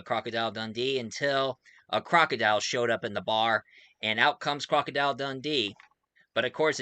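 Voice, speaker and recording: A man in his forties reviews a movie in a put-on Australian accent. He talks in a chatty way, corrects himself often, and laughs between remarks. His voice is bright and forceful, and the recording is dry and close. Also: medium pitch, no room sound. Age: 40s. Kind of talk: casual video review.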